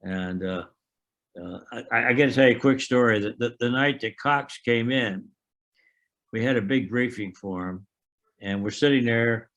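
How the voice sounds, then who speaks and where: Older male veteran, halting anecdotal delivery, mid-pitched, reenacts conversations. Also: fairly bright tone, muffled recording. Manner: halting storyteller, frequent restarts and fillers; acts out remembered dialogue. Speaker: veteran interviewee. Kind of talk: oral history recollection.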